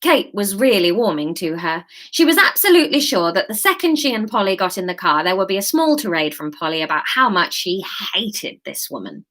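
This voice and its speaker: A woman's voice: medium pitch, big pitch swings, a little fast, hardly any pauses, a bit bright. A woman reading her own novel aloud on a live stream, chatty and self-mocking between passages.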